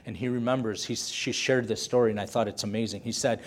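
A man's voice: medium pitch, steady tone, fast talker. Man, preacher, sermon storytelling, impassioned, repeats phrases, mid-range voice.

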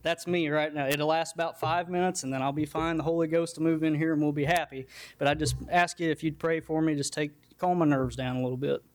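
Man preacher, fairly high voice, homespun and self-deprecating, church sermon. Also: fairly even intonation, fairly quick. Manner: folksy, self-deprecating, earnest. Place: church sanctuary.

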